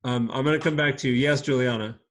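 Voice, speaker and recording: Male teacher on a video call, patient and encouraging with kids, mid-pitched. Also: fairly even intonation. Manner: patient, encouraging, speaks slowly and clearly to kids. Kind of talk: teaching a children's class online.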